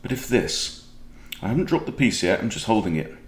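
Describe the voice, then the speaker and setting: A man's voice: lowish voice, animated, a little fast, echoey room. A man with a Welsh accent, a chess coach chatting and joking as he thinks aloud through a game. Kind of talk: casual game commentary.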